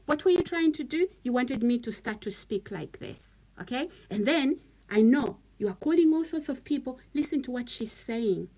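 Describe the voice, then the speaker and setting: A woman's voice: sits high, expressive, normal speed, mellow, a little hiss or hum, poor audio. A woman talking on a live stream to her viewers, emphatic and repetitive, often checking in with "okay?". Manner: emphatic, repeats phrases, frequent "okay?".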